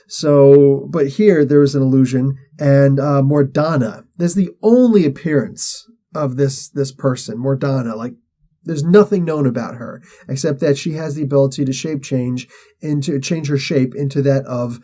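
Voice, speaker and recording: A man's voice: mid-range voice, normal speed, mellow. A man hosting a show, casually retelling a comic story in a slangy, rambling way, acting out the characters' lines. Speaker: host.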